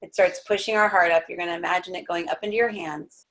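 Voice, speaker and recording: A woman's voice: lowish voice, steady tone, fast talker, rough recording. A young woman leading a guided visualization class in a casual, chatty way, full of filler words. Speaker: spiritual teacher leading a guided meditation.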